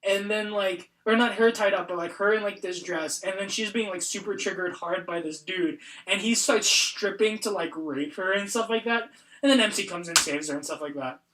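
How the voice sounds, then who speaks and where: High-voiced young man retelling animatedly. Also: normal speed. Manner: animated retelling, many fillers. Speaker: podcast host. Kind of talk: casual chat. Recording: roomy echo.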